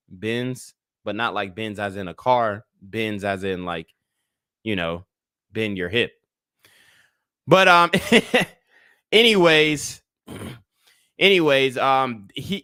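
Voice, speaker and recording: A man's voice: medium pitch, bright, forceful tone, dry recording, clean studio sound. A man in his twenties giving casual livestream commentary, a blunt and profane rambling storyteller.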